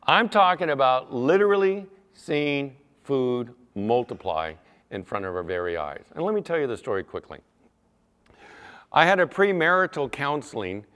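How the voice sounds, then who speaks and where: A middle-aged male pastor delivers a sermon in an easy, conversational way, with a pitch right in the middle for a man. He moves between scripture and personal stories and tosses asides to people in the congregation. His voice rings with the long reverb of a church hall. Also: expressive, moderate pace, a bit bright, clean tone. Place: church sanctuary.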